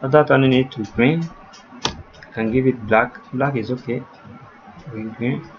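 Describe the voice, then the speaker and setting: A man's voice: mid-range voice, fairly even intonation, measured pace. Guy doing a coding tutorial, talks to you guys, goes over stuff again and again, kinda dull sound, bit of hiss. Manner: repetitive step-by-step explaining, addresses viewers as you guys. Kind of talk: screen-recorded coding tutorial. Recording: slightly muffled, faint background noise.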